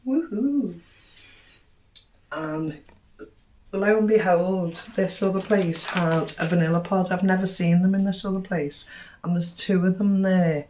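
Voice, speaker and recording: A woman's voice: on the low side, steady tone, moderate pace, darkish tone. A middle-aged woman chatting casually through a grocery haul, cheerfully tallying prices and savings. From United Kingdom. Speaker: vlogger. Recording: roomy echo, distant mic, faint noise.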